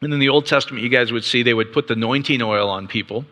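A man's voice: mid-range voice, quick pace, sharp tone. A man giving a casual Bible teaching with slides to a live group, checking in with rhetorical questions and often restarting his sentences. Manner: casual, peppers points with rhetorical "right?"; frequent restarts and stammered repeats. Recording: long reverb of a large hall.

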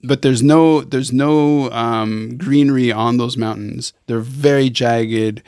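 A man hosting a podcast conversation, describing a photo in slow, searching detail. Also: medium pitch, steady tone, darkish tone, no echo, clean studio sound. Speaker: podcast host. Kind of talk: casual conversation.

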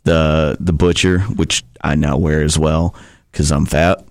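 A man's voice: extremely low pitch, level tone, a little slow, vocal fry, dry recording, clean studio sound. A man telling rambling, profane stories as a wrestler guest on a podcast. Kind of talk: casual podcast storytelling.

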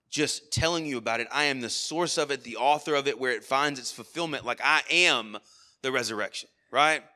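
A man's voice: on the high side, pushed and bright. A man preaching a sermon at a church worship service, earnest, with frequent rhetorical asides. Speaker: pastor.

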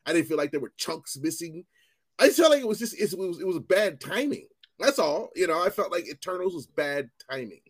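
Animated, profane man chatting on a podcast. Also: a little high, a little fast, husky. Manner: animated, profane, rambling with restarts. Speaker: podcast co-host. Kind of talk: casual chat.

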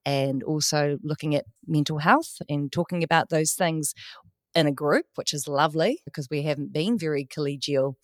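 A woman's voice: sits low, normal speed, no room sound, clean studio sound. A woman hosting an interview, asking friendly questions and laughing often. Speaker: podcast host.

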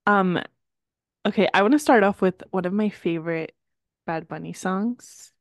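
This woman co-hosts a podcast, chatting casually, saying "like" a lot and laughing often. Her voice is medium in pitch and moderately paced, captured in studio quality with no room sound.

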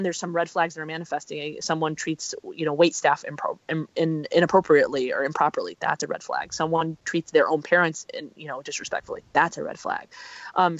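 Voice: mid-range voice, gravelly, a bit bright, dry recording, lo-fi sound. A relationship consultant giving earnest, emphatic advice as a podcast guest. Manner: earnest, emphatic, many fillers and restarts.

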